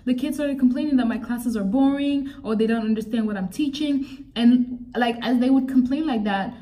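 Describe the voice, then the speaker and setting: A young woman vlogger telling a story about a past job in a casual, animated and exasperated way, often acting out quotes. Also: a little high, moderate pace, distant mic. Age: young adult.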